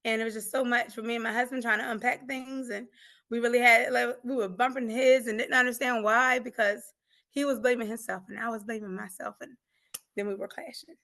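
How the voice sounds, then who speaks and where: A woman's voice: fairly high pitch, steady tone, brisk, sharp tone. A woman speaking as an interview guest and coach, giving an emotional personal testimony in an earnest, emphatic way that often breaks into laughter.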